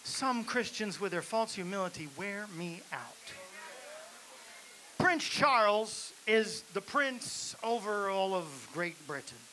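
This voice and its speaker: High-voiced man preaching a sermon. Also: animated, takes it slowly. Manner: exhorting the congregation, building to shouts. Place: church sanctuary. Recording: hissy live church recording.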